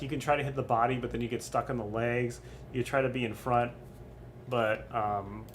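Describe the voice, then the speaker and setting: A man's voice: medium pitch, a little hiss or hum. A young man streaming, ranking game bosses in casual, rambling, profane commentary full of ums. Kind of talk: casual crude gaming commentary.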